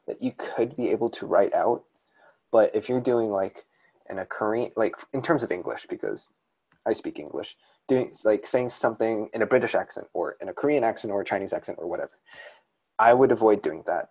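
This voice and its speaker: A man with a Southern American accent and a fairly low voice talks casually on a writing podcast. He rambles and often restarts his sentences as he explains an idea. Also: a little mellow. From southern United States. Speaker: podcast co-host.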